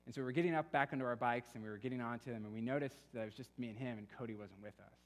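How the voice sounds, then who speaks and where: A young man preaching a sermon in a relaxed, conversational way, telling stories and acting out quoted voices. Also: medium pitch, very fast. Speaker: pastor. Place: church hall. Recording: long reverb of a church hall.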